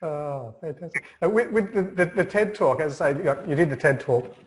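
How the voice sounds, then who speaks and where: A man's voice: a little high, expressive, a little fast. A man hosting an interview, asking curious questions in a chatty, casual way. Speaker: host. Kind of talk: interview conversation.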